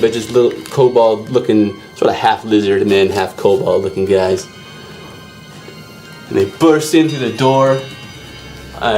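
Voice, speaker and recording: A man's voice: medium pitch, darkish tone. Man running a tabletop game, echoey room. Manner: loose, rambling narration with restarts. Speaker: dungeon master.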